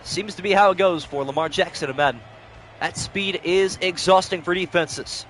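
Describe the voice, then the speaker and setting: A man's voice: high-pitched, normal speed, a bit bright, a little hiss or hum. A young man calling play-by-play on a live stream, switching between announcer-style calls and casual chat with viewers, short on sleep.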